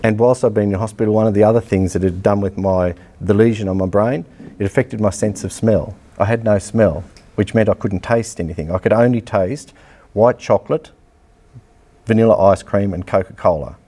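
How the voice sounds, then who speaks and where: A middle-aged Australian man gives a coaching lecture, telling his story in a blunt, lively way. His voice sits fairly low and sounds dark and mellow. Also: brisk. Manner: blunt, animated storytelling with acted-out dialogue and laughter. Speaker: athletics coach. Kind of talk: public lecture, personal story.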